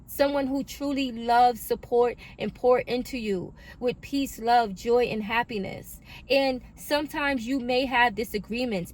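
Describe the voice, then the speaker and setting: A woman giving a spiritual card reading to her viewers, emphatic and affirming, with casual swearing, recorded on a phone. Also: fairly high pitch. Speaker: oracle card reader.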